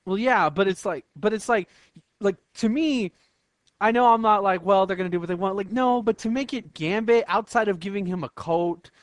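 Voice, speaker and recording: A man co-hosting a podcast, talking in an excitable, argumentative way. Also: high-pitched, normal speed, no echo. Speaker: podcast co-host. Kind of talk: casual chat.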